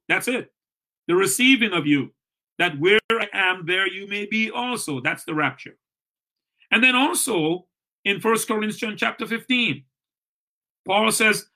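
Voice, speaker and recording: A man's voice: high-pitched, animated, normal speed, pushed and bright. A male pastor teaching a Bible study in an earnest way, repeating phrases for emphasis, livestreamed from a church.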